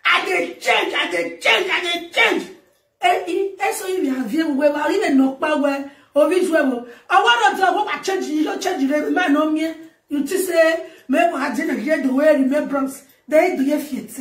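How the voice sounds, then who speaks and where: A woman with a Nigerian accent delivering a loud, laughing, shouting rant as a talk show host. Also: very high-pitched. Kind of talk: ranting monologue. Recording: echoey, far from the mic.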